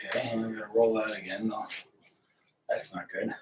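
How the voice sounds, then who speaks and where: A man's voice: lowish voice, little pitch movement, fairly quick, far from the mic, very noisy. A man chatting casually during a live painting stream, thinking aloud as he works. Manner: rambling, thinking aloud, greets viewers. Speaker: painter livestreaming. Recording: roomy, from off the mic.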